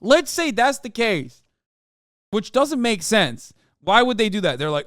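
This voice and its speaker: A man's voice: high voice, big pitch swings, a little slow, a bit bright, no room sound, clean studio sound. A man streaming live, reacting to a clip in casual, blunt commentary full of swearing and disbelief. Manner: blunt, heavy swearing, incredulous.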